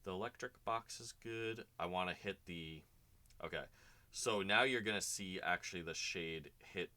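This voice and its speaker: A man's voice: low-pitched, bright, forceful tone. A man streaming a casual painting session, chatting and rambling to his viewers as he works. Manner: chatty, rambling, talks to chat while working.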